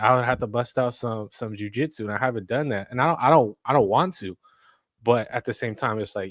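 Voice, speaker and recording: A man with a fairly low voice tells a story in a loose, rambling podcast chat. He acts out what people said and leans on fillers and restarts. The sound is dry and close, with no room echo. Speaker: podcast co-host. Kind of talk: casual chat.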